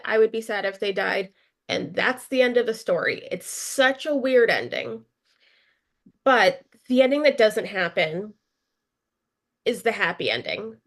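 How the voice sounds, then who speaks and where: A woman preaching a sermon in a relaxed, conversational way, with asides and fillers. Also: mid-range voice.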